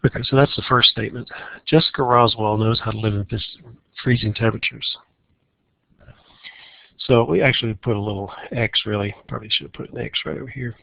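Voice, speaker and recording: Gravelly low-voiced math teacher. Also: male voice, a little fast, muffled recording. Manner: relaxed, thinking aloud with restarts. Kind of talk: recorded lecture on logic problems.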